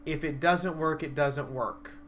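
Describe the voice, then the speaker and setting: A young man excitedly recapping a live-action role-play battle in a vlog, a dramatic storyteller whose voice leaps up and down. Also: a little slow, slight background noise. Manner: animated, dramatic storyteller with big swings in pitch and loudness.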